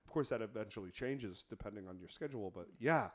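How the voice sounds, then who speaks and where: A man's voice: lowish voice, fast talker. A young man co-hosting a podcast, talking in a casual, rambling way with lots of filler words. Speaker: podcast co-host. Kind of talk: casual chat.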